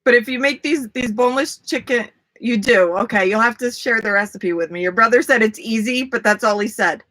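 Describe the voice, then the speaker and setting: A woman hosts a casual livestream, chatting with viewers by name and laughing easily. Her voice is fairly high and a bit bright, and she talks a little fast.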